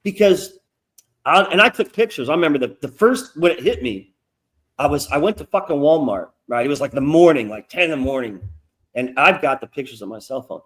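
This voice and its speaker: A man's voice: on the high side, lively intonation, fairly quick, fairly bright tone. A middle-aged man telling stories in a casual, profane interview chat, acting out quoted asides. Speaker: guest comic creator. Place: lives in North Carolina.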